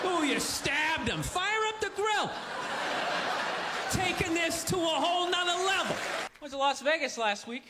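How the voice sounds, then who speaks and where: Ranting stand-up comic, very high voice, crowd laughing. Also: male voice, expressive, normal speed, long reverb tail, very noisy. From United States. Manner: ranting, loud and mocking. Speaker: stand-up comedian. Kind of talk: stand-up comedy set. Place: comedy stage before a live audience. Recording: live club recording with crowd laughter. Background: audience laughter.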